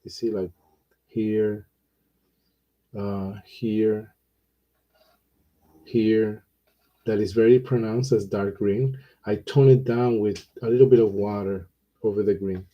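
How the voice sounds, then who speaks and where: A man teaching watercolor, talking through his painting in a relaxed, unhurried way with pauses and fillers. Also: on the low side, muffled recording. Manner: slow, thinking aloud while he paints, with pauses and fillers.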